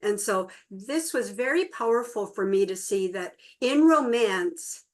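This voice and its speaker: Speaking to a small group in a relaxed way, a middle-aged woman co-leads a relationship workshop and tells stories, bringing the quoted voices to life. Her voice is mid-range and her pace measured.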